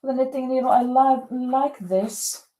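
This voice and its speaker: High-voiced woman chatting while crocheting. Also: unhurried, mellow. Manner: sings along to an oldies song; muttering to herself while counting rounds. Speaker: livestream host. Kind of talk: casual chat while crocheting.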